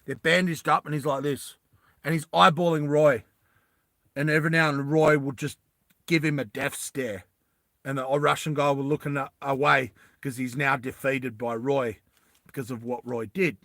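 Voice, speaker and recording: Rambling bright-voiced man spinning a story. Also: medium pitch, fairly even intonation, no room sound. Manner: rambling, loose, full of fillers and restarts; acts out characters' lines in quick bursts. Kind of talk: improvised storytelling to an audience.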